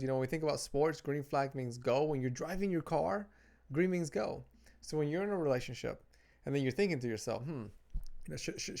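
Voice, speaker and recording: Speaking earnestly to camera in a medium-pitched, darkish voice, a man gives casual relationship advice from his notes. He often repeats and restarts phrases.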